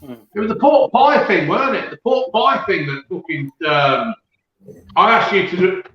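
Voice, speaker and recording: A man's voice: high voice, lively intonation, normal speed, crowd noise. Crude sweary man on an echoey call. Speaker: guest video-maker. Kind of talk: casual live-stream chat. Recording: very echoey, dull remote call audio.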